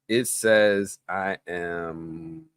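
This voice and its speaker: Hosting a live stream, this Bronx man speaks extremely slowly in a low, smooth voice with no echo. He chats casually and animatedly, rambling and drifting into tangents.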